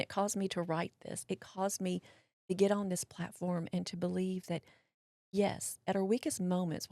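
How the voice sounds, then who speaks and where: A woman's voice: lowish voice, dry recording, studio quality. A middle-aged woman, a guest telling a personal story in an interview, acting out what people said to her. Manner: animated storyteller acting out quotes, drawling voices.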